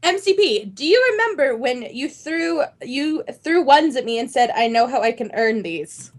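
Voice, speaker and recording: A woman's voice: sits high, expressive, moderate pace. A woman joining a livestream call, chatting in a sassy, playful way. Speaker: guest on a call. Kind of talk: casual group chat on a livestream.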